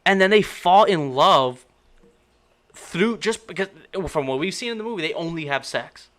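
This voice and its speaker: Guy venting about a bad movie, bright kinda high voice, rambly and fed up. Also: lively intonation, normal speed. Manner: incredulous, exasperated, rambling with restarts. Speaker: movie reviewer. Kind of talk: casual spoken movie critique.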